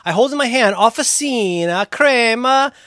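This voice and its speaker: A man co-hosting a podcast, playful and swinging into mock-serious deadpan. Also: very high-pitched, a little slow, no echo, clean studio sound. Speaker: podcast co-host. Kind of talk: casual comedic chat.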